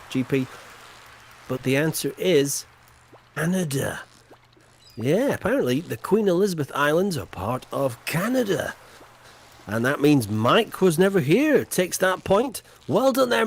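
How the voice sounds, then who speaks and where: Playful man hosting a stream quiz. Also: fairly high pitch. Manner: playful, mock-grand announcer flourishes. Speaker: quiz host on a game livestream. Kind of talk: casual livestream chat, quiz hosting.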